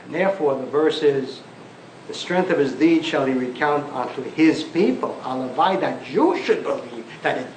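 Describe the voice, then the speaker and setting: A man's voice: medium pitch, expressive, moderate pace, a little hiss or hum. A man, a rabbi, giving an impassioned public lecture with emphatic, mocking delivery and rhetorical questions. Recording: echoey archival lecture recording.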